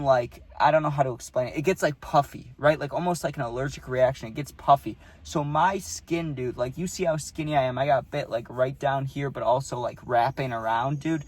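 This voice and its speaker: A man's voice: mid-range voice, dry recording. A man telling a personal story straight to the camera in a loose, chatty way, dropping "dude" and "like" all through his talk. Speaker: storytime vlogger.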